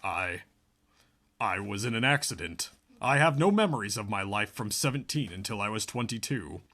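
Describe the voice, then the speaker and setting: A man reading the part of a young Amish man who has lost his memory, speaking hesitantly and low. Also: animated, normal speed, bright, forceful tone, heavily acted.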